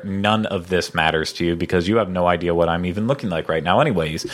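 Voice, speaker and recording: A man's voice: low-pitched, a bit bright. A man hosting a podcast in casual chat, rambling with lots of fillers and playful banter. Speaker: podcast host.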